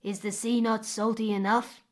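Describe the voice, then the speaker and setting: A woman voicing a stern but kind mother crocodile with a deep, watery voice, speaking slowly and solemnly in a storybook. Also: little pitch movement, lightly acted. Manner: slow, solemn.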